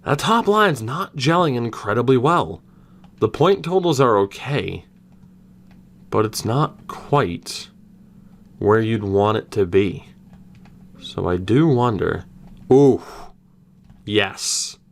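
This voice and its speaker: A young man giving casual let's-play commentary, thinking aloud with animated reactions and the odd swear word. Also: medium pitch, slow, pauses often. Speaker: gaming YouTuber.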